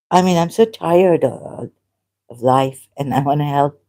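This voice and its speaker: Mellow-voiced speaker in a rambling argumentative monologue. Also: medium pitch. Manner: argumentative, halting, reads verses aloud. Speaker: solo vlogger.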